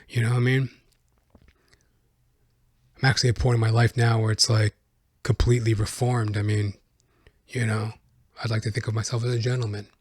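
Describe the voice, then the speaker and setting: A man's voice: medium pitch, dry recording, studio quality. Profane rambling podcast man. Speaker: podcast host. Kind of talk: casual solo monologue.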